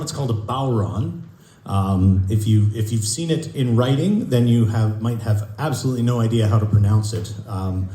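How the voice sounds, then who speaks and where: Halting male folk singer in a church. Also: mid-range voice, warm tone. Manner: halting, with many restarts, dry joking. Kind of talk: casual stage banter between songs. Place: church, live concert. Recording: roomy church hall, live.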